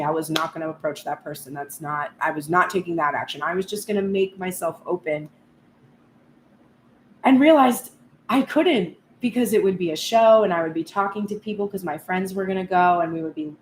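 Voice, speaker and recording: A woman tarot reader speaking reflectively and earnestly at length in a spoken tarot reading vlog. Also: mid-range voice. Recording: echoey room with faint background noise.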